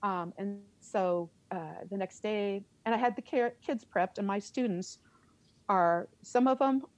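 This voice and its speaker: Animated middle-aged woman telling a story. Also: mid-range voice, a little slow. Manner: animated, laughs often and acts out her own reactions. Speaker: guest, theater teacher. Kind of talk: conversational storytelling in an interview.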